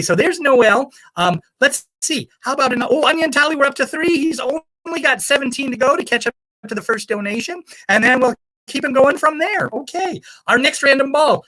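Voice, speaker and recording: A woman's voice: a little high, fairly bright tone. A woman playing a scatterbrained self-proclaimed primatologist who calls bingo and rambles in a put-on accent that drifts toward the American South. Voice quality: breezy, rambling, cheerfully misinformed. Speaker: bingo caller. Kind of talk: comic live-stream character bit.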